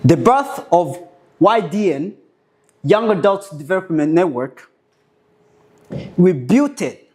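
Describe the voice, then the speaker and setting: Young male speaker, fairly high-pitched, rhetorical and emphatic with occasional stumbles. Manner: rhetorical, emphatic, with halting restarts. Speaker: conference speaker, movement founder. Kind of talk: impassioned motivational speech.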